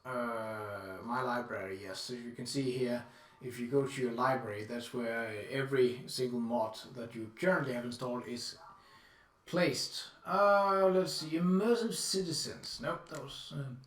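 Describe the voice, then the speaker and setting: A man's voice: mid-range voice, a little slow, fairly bright tone, echoey room, distant mic. A man streaming live, casually reading out descriptions and musing aloud with lots of fillers.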